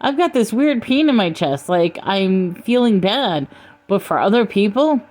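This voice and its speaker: A woman's voice: mid-range voice, animated, a little slow, a little mellow, lightly acted. A woman voicing a self-centered, blustering older man who rambles and pities himself, in a comic storybook reading. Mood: uneasy.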